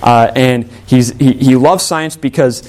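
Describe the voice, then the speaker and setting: A man delivering a sermon at a mid pitch, retelling a story with energy. He acts out the quoted lines as he goes and shifts his delivery to carry the drama. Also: unhurried, darkish tone. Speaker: pastor.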